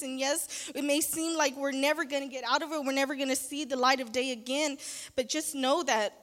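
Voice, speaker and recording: A woman with a somewhat high voice gives an earnest, halting testimony in church, circling back with fillers and repeats. Her words ring out with a long reverb from the church hall. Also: fairly even intonation, fairly bright tone. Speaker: church member giving testimony.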